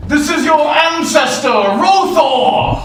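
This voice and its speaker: An ancestor spirit calling out from beyond, shouting dramatic warnings in a high, slow, drawn-out voice, as a woman puts it on. The voice rings through an echoey stage and is picked up from far off. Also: expressive. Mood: urgent warning.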